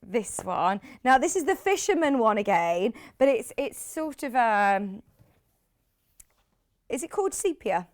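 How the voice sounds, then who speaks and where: A woman's voice: on the high side, sing-song, unhurried. A British woman hosting a live TV shopping show, chatty and rambling, with lots of asides. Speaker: shopping channel host.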